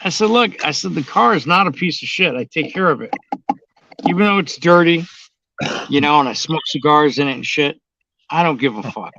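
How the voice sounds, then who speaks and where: A man's voice: fairly high pitch, moderate pace, vocal fry, background noise. A man chatting casually and bluntly, swearing constantly as he tells his stories. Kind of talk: casual profane chat. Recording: dull, dry lo-fi sound.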